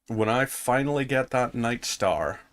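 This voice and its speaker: A man's voice: mid-range voice, expressive, unhurried, a bit bright. A man giving casual commentary while playing a game, chatting to himself as he goes. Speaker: gaming streamer.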